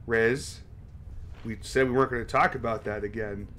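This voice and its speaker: A man's voice: mid-range voice, steady tone, moderate pace, a bit bright, slight background noise. A man live-streaming a horror game, talking casually and swearing as he chats with his viewers. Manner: casual and profane, chatting with viewers.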